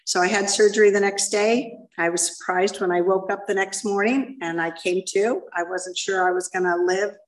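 A middle-aged woman gives frank, self-mocking personal testimony to a live audience at a recovery meeting in a meeting room. She speaks in a mid-range, steady voice at a moderate pace with few pauses, captured from afar.

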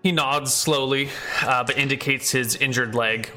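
Bright-voiced man narrating a tabletop game. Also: medium pitch, fairly even intonation, normal speed, soft background music. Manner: casual, filler-heavy narration. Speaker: game master.

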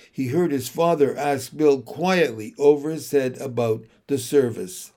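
A man narrating a children's novel in slow, deliberate, emotional storytelling. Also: a little high, warm tone. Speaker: audiobook narrator.

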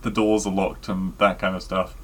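A man co-hosting a podcast, telling stories in a rambling, animated way. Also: low-pitched, moderate pace. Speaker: podcast co-host. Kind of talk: casual chat.

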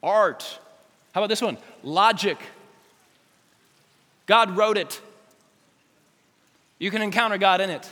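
Energetic male youth preacher, bright tense tone, big reverberant hall. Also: high voice, slow, pauses often. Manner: energetic, joking, speaks straight to teens. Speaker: youth pastor. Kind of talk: youth sermon.

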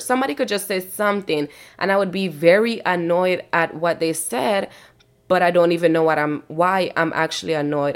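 A woman hosting her own podcast, talking through personal experiences in a casual, candid, self-reflective monologue, often checking in with "you know what I'm saying". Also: fairly low pitch. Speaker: podcast host.

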